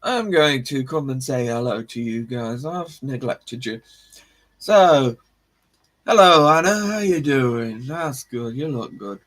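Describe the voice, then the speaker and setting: A man's voice: mid-range voice, lively intonation, takes it slowly, fairly bright tone. A man hosting a casual live stream, rambling about history, correcting himself and chuckling as he greets viewers.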